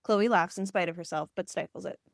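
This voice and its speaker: A woman reading a screenplay's stage directions aloud in an even, plain way. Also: on the low side, fairly quick, vocal fry, no echo, clean studio sound. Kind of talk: scripted narration.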